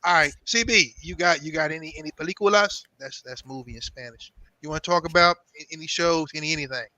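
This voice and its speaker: A high, bright American man talking casually on a live stream. He jokes around with animated energy and cusses freely. His voice has a sharp, forceful edge. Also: quick pace, dry recording, low-quality recording. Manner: joking, animated, swears freely. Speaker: podcast co-host.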